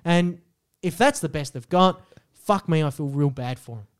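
Young Australian co-host, high voice, swearing mock rant, casual banter. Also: male voice, expressive, normal speed, clean tone. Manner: ranting, heavy swearing, mock outrage. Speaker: podcast co-host.

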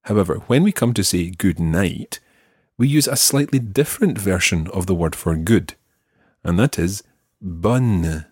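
A man with a Scottish accent teaching a podcast language lesson and repeating words slowly for the learner. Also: low-pitched, lively intonation, breathy edge, no room sound, clean studio sound. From Scotland.

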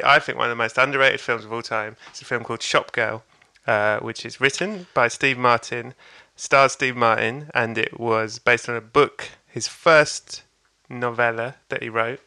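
A man's voice: medium pitch, pushed and bright, smooth. A man co-hosting a podcast, chatting casually about films in a laughing, self-deprecating way. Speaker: podcast co-host. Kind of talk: casual film chat.

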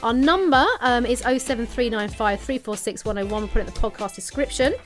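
A woman's voice: a little high, quick pace, soft background music. A woman co-hosting a podcast in casual chat, bubbly and giggly as she reads out listener messages. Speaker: podcast co-host.

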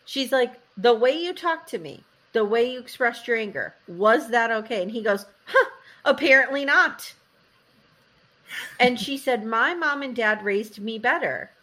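This woman recaps a reality show on a casual podcast, telling it as a lively story. She acts out the quotes and says "like" a lot. Her voice sits a bit high. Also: normal speed, few pauses. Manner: animated storytelling, acting out quotes, frequent "like". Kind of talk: casual chat.

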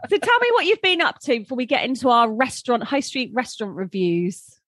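A woman with a somewhat high voice co-hosts a podcast in easygoing, teasing chat. The sound is close and dry. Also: big pitch swings, brisk, fairly bright tone, no room sound. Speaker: podcast co-host. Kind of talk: casual chat.

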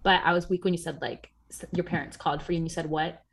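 Lower-voiced woman in casual, swear-heavy chat. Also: fairly even intonation, fast talker. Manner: swears freely, laughs often, acts out quoted voices. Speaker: podcast co-host.

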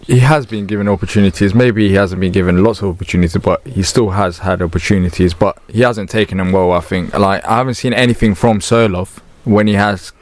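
Lower-voiced opinionated podcast man. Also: brisk, hardly any pauses. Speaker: podcast co-host. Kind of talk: casual football chat.

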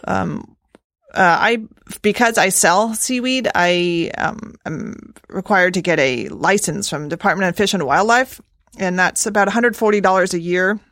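A woman's voice: fairly low pitch, vocal fry, no echo, studio quality. A woman who harvests seaweed and forages, chatting in a rambling way with many restarts and fillers. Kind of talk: casual conversation.

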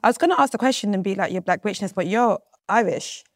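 A woman hosting a casual interview. She chats easily, laughs often and jumps up in pitch when excited. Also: fast, no echo, clean studio sound. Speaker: podcast host interviewing a couple.

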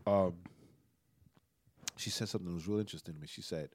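A man's voice: deep voice, quick pace, long pauses, darkish tone, no echo. A man who is a pastor, telling a painful personal story in casual podcast talk, emotional and earnest, often checking in with "right?". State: emotional, tearful.

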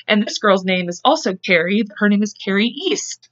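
A woman's voice: medium pitch, expressive, moderate pace, a bit bright, no echo, muffled recording. A woman hosting a podcast, telling a true story in a casual, chatty way, with frequent swearing and laughing asides. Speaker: podcast host.

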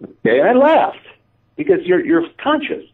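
A man tells his story with bouncing, expressive pitch and a wry, self-mocking edge, slipping into the voices of the people he quotes. He sounds thin and boxy through a phone line and sits a little away from the mic. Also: far from the mic. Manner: lively, self-mocking, quick asides, acts out dialogue. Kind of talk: animated personal storytelling.

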